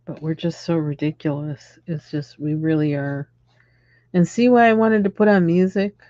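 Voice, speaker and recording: A coloring livestream host vents in a casual, exasperated rant, chuckling now and then. The voice is mellow and dark, recorded dry and close with a dull, lo-fi tone. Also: mid-range voice, normal speed, dry recording. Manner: exasperated ranting, chuckling between lines.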